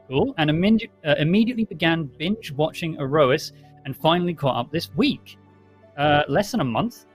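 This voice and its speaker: A man's voice: fairly high pitch, animated, moderate pace, soft background music. A man hosting a live stream, chattily thanking viewers and reading out their donation messages. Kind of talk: casual stream chat.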